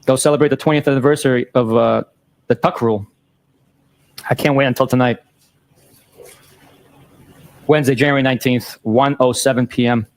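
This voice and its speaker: A man's ordinary middle-pitched voice comes over a courtroom microphone as he reads a chain of texts aloud at a normal speed, pausing at length. Dates and times are stated plainly before each set of messages, and his tone remains flat and matter-of-fact throughout, teasing included.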